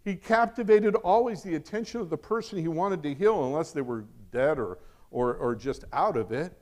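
A middle-aged man preaching a sermon in a fairly high voice. He is animated, pressing points loudly, then dropping into soft, confiding asides. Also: moderate pace. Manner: animated, swings from loud emphasis to quiet asides. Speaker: pastor.

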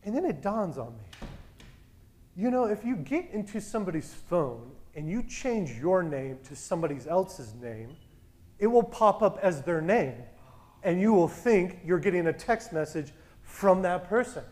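High-voiced man telling a story. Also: a little slow. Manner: animated, acts out quoted dialogue; loud voice that carries. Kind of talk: casual storytelling.

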